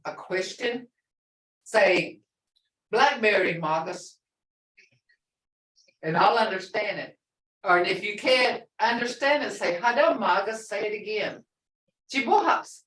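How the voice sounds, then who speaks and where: A woman's voice: mid-range voice, fairly bright tone. Older woman teaching from across a roomy space. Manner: explains plainly with many examples and asides. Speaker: language teacher. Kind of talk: language lesson. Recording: roomy, from far off.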